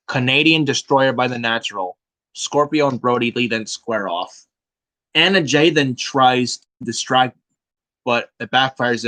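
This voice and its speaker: Blunt and fond of cursing, this man hosts a laid-back wrestling review podcast, often ending lines with "man." His voice is mid-range with a bit of brightness.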